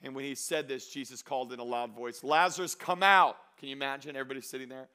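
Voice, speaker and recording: A male pastor preaching a sermon, who swings between loud exhortation and quiet scripture reading and acts out the voices he quotes. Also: medium pitch, little pitch movement, rapid-fire, smooth.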